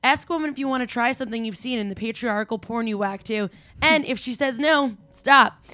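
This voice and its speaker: A woman with a somewhat high voice tears through a scripted comedic rant. She sounds brash, profane and cutting. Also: brisk, pushed and bright, no echo. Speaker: resident commentator.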